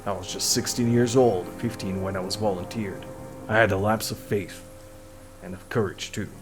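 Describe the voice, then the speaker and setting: A man's voice: on the low side, fairly even intonation, normal speed, natural voice. A man voicing a gaunt, sick old deserter in his sixties who talks in a weary, bitter way. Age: 60s. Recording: music playing behind voice. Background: music.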